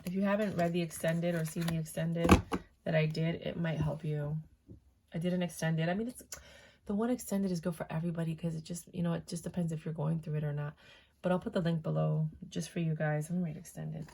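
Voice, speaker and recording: A woman's voice: low voice, steady tone, fairly quick, vocal fry, warm tone, a little hiss or hum. A woman reading tarot in a chatty, loose way, swearing freely as she talks to her viewers. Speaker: tarot reader.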